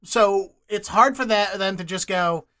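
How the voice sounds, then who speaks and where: Bright-voiced, animated man chatting. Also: sits high, measured pace. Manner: animated, swearing, laughing storyteller. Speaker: actor. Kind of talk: casual chat.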